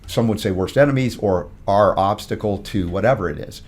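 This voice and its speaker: A man's voice: lowish voice, a little fast, a little mellow, slightly rough. A man talking as a podcast guest in a thoughtful, philosophical way, reflecting on spiritual ideas. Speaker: podcast guest, health broadcaster. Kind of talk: reflective conversation.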